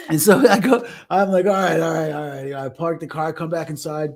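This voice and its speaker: A man's voice: a little high, fast, few pauses. A young man co-hosting a podcast, telling a personal story in casual chat and acting out the voices. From United States. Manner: animated, acts out voices in stories. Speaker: podcast co-host.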